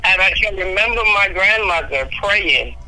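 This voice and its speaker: A woman's voice: medium pitch, animated, normal speed, pushed and bright, soft background music, rough recording. A woman in her fifties, a talk show guest earnestly telling a personal story from her childhood.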